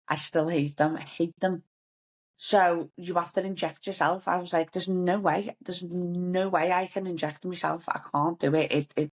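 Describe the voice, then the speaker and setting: A young woman telling a personal story to the camera in a chatty, candid way, with plenty of fillers. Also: low voice. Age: young adult. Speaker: vlogger.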